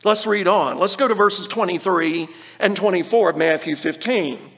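A man preaching a sermon, explaining a Bible passage in an earnest tone and slowing down when he quotes scripture. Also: high-pitched, creaky, fairly bright tone, in a large hall.

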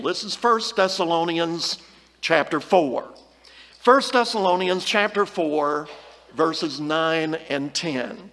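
A man's voice: sits high, a bit bright, big-room sound. A man giving a Bible lesson sermon in an earnest, emphatic way, stressing the words he reads from scripture. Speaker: preacher.

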